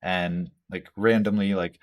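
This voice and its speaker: A laid-back man chatting on a tattoo podcast. His voice sits very low and stays fairly flat. He rambles loosely, leaning on filler words and dropping the occasional curse. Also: unhurried. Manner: reads out listener questions. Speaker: tattoo artist and podcast host. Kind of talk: casual chat.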